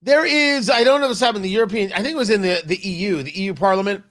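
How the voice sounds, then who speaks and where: A man hosting a political talk show, giving opinionated commentary and acting out quotes with sudden loud outbursts. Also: high-pitched, rapid-fire. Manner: animated, acts out quotes with sudden loud shouts.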